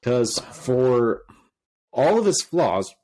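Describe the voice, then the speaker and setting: A man co-hosting a sports podcast, chatting casually and excitedly with frequent restarts. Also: mid-range voice, very slow. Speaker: podcast co-host.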